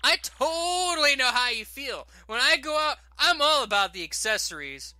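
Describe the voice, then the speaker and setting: A man puts on a perky young adventurer girl for a game. Her voice is chirpy and bright, and it bounces around a lot. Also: extremely high pitch, sing-song, normal speed, no echo, soft background music, pitched above the performer's own voice, heavily acted.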